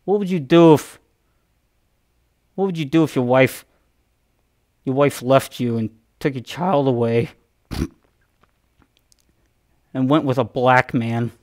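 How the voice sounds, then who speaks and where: A man's voice: medium pitch, takes it slowly, long pauses, a little mellow, lightly acted. A man voicing an awkward, lisping male comic creator who hosts dramatic intros with urgent rhetorical questions. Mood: melodramatic. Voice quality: lisp. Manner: melodramatic announcer cadence with urgent rhetorical questions. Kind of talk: mock TV-intro impression.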